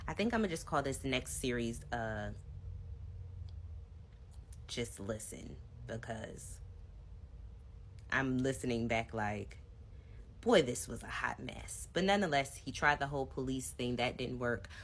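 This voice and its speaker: A woman in her thirties telling a personal story to her viewers in a casual, animated way. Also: rumbling low, a little slow, long pauses. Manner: animated storytelling, acts out both sides of arguments; casual, addresses viewers directly. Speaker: vlogger. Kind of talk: storytime vlog.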